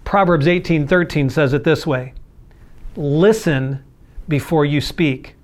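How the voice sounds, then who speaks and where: A man's voice: fairly high pitch, slow. A man preaching a sermon in an earnest, conversational way, acting out everyday quotes as he goes. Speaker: pastor.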